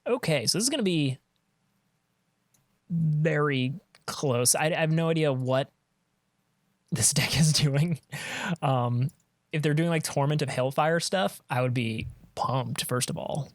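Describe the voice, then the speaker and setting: A man's voice: fairly high pitch, unhurried, pauses often, dry recording. A man giving casual commentary on his own card game match, thinking aloud and trailing off mid-sentence, on a close desk mic.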